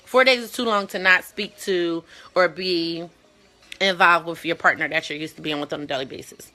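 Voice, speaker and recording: A woman co-hosting a talk show, chatting casually in a blunt, profane and animated way. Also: lowish voice, normal speed. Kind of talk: casual chat.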